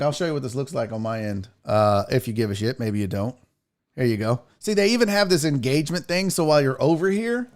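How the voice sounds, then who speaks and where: A man hosting a live podcast in a casual, rambling way, joking and swearing as he goes. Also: mid-range voice. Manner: rambling, jokey and profane. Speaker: podcast host.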